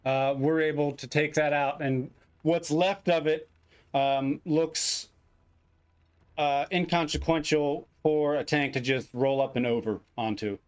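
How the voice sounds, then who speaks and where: A man running a tabletop war game as game master, giving rulings at an unhurried, measured pace over an online call. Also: fairly high pitch, fairly even intonation, clean tone.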